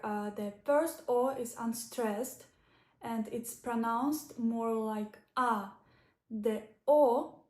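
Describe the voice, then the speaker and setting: Woman, Russian native speaker, language teacher, slightly high voice, very slow and deliberate, echoey room. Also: a little mellow. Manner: deliberate, spelling out sounds with example words. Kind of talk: slow, careful language lesson.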